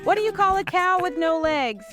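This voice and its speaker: A woman telling jokes with a drawn-out delivery and laughing along. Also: very high-pitched, animated, fairly bright tone. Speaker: joke teller. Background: faint music.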